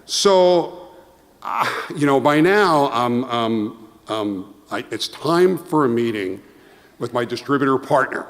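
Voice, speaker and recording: Middle-aged male presenter, storytelling award toast, acts out the dialogue, mid-pitched, long hall reverb. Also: slow. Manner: animated storytelling, acting out quoted dialogue. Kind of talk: anecdotal award speech.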